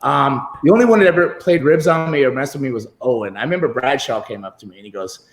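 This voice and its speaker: A man's voice: mid-range voice, expressive, fast. A middle-aged man spinning loose, meandering anecdotes, often breaking into laughter as he goes. He speaks over a computer video call, and his voice carries a roomy echo. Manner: rambling, laughs while telling stories. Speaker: guest wrestler. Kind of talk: casual interview storytelling.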